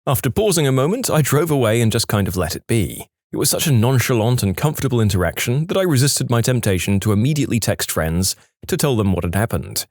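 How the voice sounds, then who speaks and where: A man narrating online stories in an expressive, scripted storytelling manner. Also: medium pitch, fast, no echo, studio quality.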